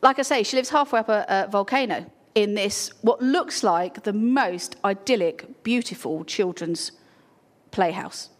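A woman's voice: medium pitch, measured pace. A woman giving an informal, earnest talk to a church congregation, full of ums and restarts. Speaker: charity speaker at a church.

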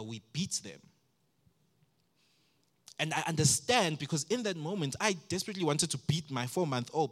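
Guy from south africa preaching, medium pitch, tells stories from his own life, sometimes gets loud acting them out. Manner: storytelling, acts out his own past outbursts loudly. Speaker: pastor. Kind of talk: sermon.

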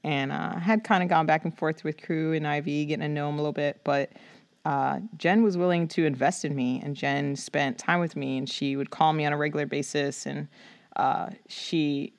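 A woman from the Bronx in her thirties, a podcast guest telling a personal story with animated acted-out quotes. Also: moderate pace, no room sound. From the Bronx, New York. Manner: animated, acts out quoted voices with big pitch jumps.

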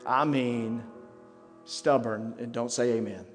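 A middle-aged man preaching a sermon as pastor, conversational and self-mocking, with dramatic pauses. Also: medium pitch, fairly even intonation. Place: church sanctuary. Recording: reverberant church hall with faint music.

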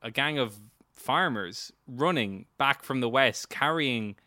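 Bright-voiced rambling game master man. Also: medium pitch, expressive, slow pace, dry recording, clean studio sound. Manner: rambling, many fillers and restarts. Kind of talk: narrating a tabletop game.

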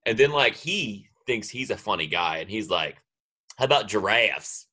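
A man's voice: fairly low pitch, expressive, normal speed, bright, forceful tone, slightly rough. A man co-hosting a casual podcast chat, rambling and trailing off mid-sentence. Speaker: podcast co-host.

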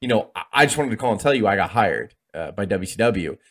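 Fast-talking man retelling a story. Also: on the low side. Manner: fast, animated retelling with acted-out quotes and laughs. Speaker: podcast co-host. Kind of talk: casual storytelling chat.

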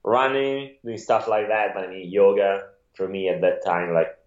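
A middle-aged Italian man from Italy, speaking with an Italian accent, is a guest photographer telling his story in a rambling interview full of laughter. His voice is deep and steady at a moderate pace, with many restarts and laughs. The audio sounds reverberant and dull.

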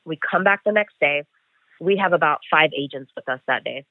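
A man's voice: fairly high pitch, brisk, dry recording. Man telling a story over a tinny phone line. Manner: animated, acts out dialogue with "I'm like". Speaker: bail enforcement agent. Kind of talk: storytelling in an interview.

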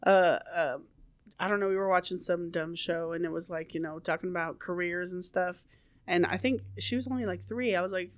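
A woman's voice: fairly low pitch, fairly even intonation, fairly quick. A woman in her thirties in easygoing casual chat, acting out the dialogue in her stories.

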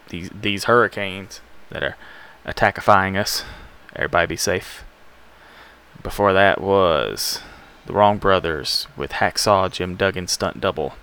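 A man's voice: low-pitched, creaky, fairly bright tone, clear, resonant tone. A man from Alabama, hosting a music show in a rambling, laid-back, self-deprecating way. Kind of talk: casual radio show chat.

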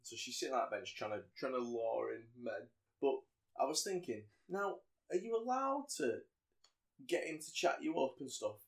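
A man talks through a film plot with a friend, loose and chatty. He keeps slipping into character voices for the lines he quotes, and his everyday voice sits at a medium pitch. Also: normal speed, creaky. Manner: animated storyteller, acts out quotes in voices. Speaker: podcast co-host. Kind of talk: casual chat recapping a film.

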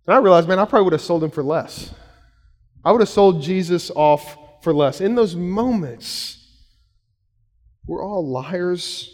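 A man in his thirties, a pastor giving a sermon in a conversational storytelling way. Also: high voice. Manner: conversational storytelling, shouts when acting out quotes. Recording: long hall reverb.

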